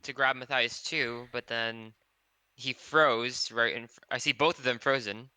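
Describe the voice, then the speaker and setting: Guy playing dnd, bright clear voice, dry mic, swears when rolls go bad. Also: mid-range voice, fairly even intonation, a little slow, no echo. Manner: reactive, swears when things go wrong. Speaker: player. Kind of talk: casual tabletop play.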